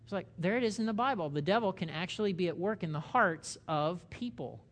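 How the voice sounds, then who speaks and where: A man's voice: high voice, expressive, brisk, a bit bright. A middle-aged man leading a church Bible study, talking conversationally and asking the group questions as he teaches. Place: church meeting room.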